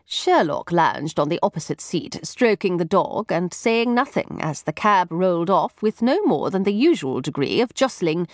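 A woman narrating a first-person audiobook in an expressive, lively storytelling manner. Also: lowish voice, moderate pace, hardly any pauses, no room sound, clean studio sound.

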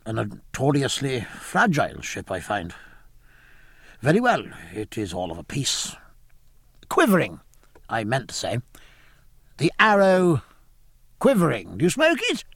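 A man voicing a hearty middle-aged naval captain who talks in brisk, jovial sea slang. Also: medium pitch, wildly swooping pitch, vocal fry, fairly bright tone, breathy edge, no echo, studio quality, exaggerated voice.

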